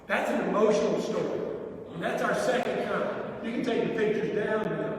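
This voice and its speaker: A man's voice: high voice, moderate pace, a little hiss or hum. A man preaching a sermon as pastor, emphatic and repeating phrases as he urges the congregation on. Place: large newly renovated worship hall. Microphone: phone recording from a distance. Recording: echoey hall, phone mic from far off.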